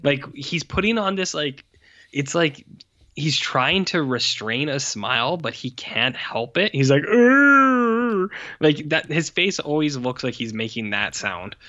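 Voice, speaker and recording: A man's voice: mid-range voice, a little slow, pushed and bright, highs cut off. A man co-hosting a casual film review podcast, blunt and scornful, swearing often. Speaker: podcast co-host.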